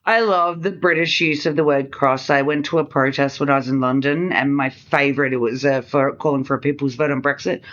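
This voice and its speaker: An Australian woman co-hosting a podcast, chatting casually about a film and acting out lines from it with animated energy. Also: rumbling low, fairly quick, hardly any pauses. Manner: animated, acts out characters' lines. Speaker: podcast co-host. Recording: slightly dull lo-fi sound.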